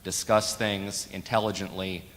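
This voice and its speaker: A man answering as a school board candidate at a public forum, measured and emphatic, repeating phrases for stress. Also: sits low, little pitch movement, fairly bright tone. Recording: long hall reverb.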